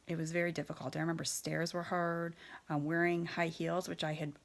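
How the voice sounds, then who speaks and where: A woman's voice: deep voice, little pitch movement, brisk, creaky. A woman in her thirties telling her own story in a candid, hesitant way, with many fillers and restarts. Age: 30s. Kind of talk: personal storytelling.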